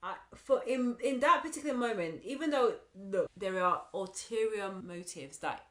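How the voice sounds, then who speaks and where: A woman's voice: medium pitch, expressive, normal speed, a bit bright. A woman co-hosting a podcast, thinking her points through and often restarting. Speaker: podcast co-host. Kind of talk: casual chat. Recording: roomy echo.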